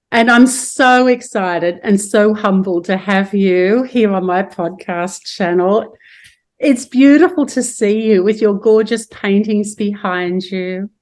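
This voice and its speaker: A woman's voice: medium pitch, darkish tone. An Australian woman hosting a spiritual podcast over a video call, speaking in soothing, gushing affirmations. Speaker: podcast host.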